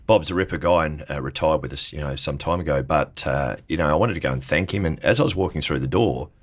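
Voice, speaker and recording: A quick-talking Australian man in his fifties with an extremely deep voice. He tells his career story in a casual interview, rattling through anecdotes and lifting his voice to act out the people he quotes. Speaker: interview guest, travel business owner.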